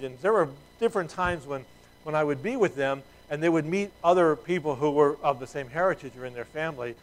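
A man's voice: on the high side, poor audio. A middle-aged man preaching a sermon in a conversational way, with asides and restarts and emphatic peaks. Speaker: pastor.

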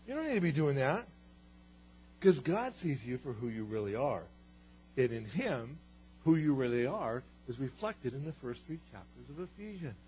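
A man's voice: medium pitch, very animated, normal speed, mellow, slight background noise. A man preaching a sermon as pastor, earnest and building to emphatic repeated declarations. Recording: dull, lo-fi sermon recording.

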